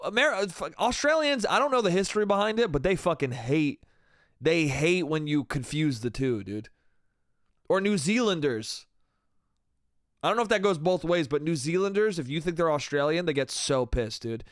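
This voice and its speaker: Dude doing a solo comedy podcast, kinda high voice, very dry and close, swears a lot, says dude every line. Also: male voice, expressive, moderate pace, no room sound. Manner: loose and profane, ends phrases with "dude" and "bro". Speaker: podcast host.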